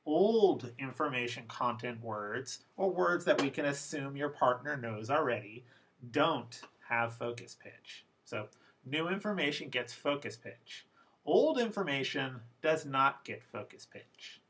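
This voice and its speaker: A man teaching English pronunciation in a recorded lesson, explaining slowly and with deliberate emphasis. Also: mid-range voice, lively intonation, a bit bright, slightly rough, rough recording.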